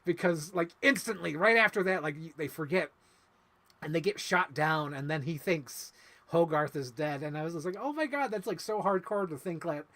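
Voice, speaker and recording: This co-host's voice is a little high and a bit bright, delivered at an ordinary speed. On the film review podcast he talks casually and with emotion, drifting around and using lots of fillers.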